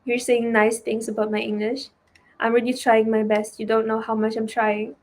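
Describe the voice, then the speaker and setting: A woman's voice: on the high side, completely flat delivery, moderate pace. A woman with a German accent, a non-native speaker of English, chatting loosely as she teaches trading on a live stream, with many fillers and "right?" tags.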